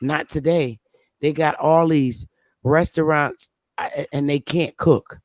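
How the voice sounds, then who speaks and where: A woman's voice: deep voice, steady tone, takes it slowly, a little mellow, no room sound. A woman hosting a casual chat, speaking bluntly and emphatically and repeating her points. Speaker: show host.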